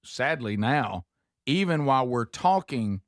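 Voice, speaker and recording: A man's voice: medium pitch, animated, measured pace, no room sound. Male show host, folksy casual banter, dry close studio sound. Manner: folksy, filler-heavy, calls co-hosts by name.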